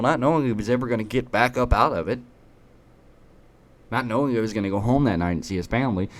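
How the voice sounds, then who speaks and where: Sarcastic ranting man. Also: fairly low pitch. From United States. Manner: emphatic, sarcastic, repeats rhetorical questions. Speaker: political commentator. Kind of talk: ranting opinion commentary.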